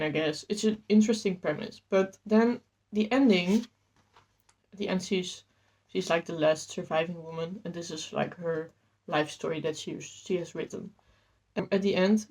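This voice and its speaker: A book vlogger chats casually about her reading, eager and a bit breathless as she rambles. Her mellow, warm voice sits at a middle pitch and leaps upward whenever excitement takes hold.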